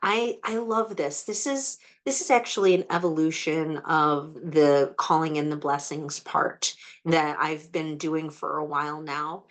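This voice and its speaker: A woman with a fairly low voice leads a group healing over a video call. She speaks blessings in a slow, earnest cadence. Between them she chats loosely and fills with "like.". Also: steady tone. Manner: slow, earnest incantation, then chatty with many "like"s. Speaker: energy healer hosting a group session. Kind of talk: guided healing invocation and group chat.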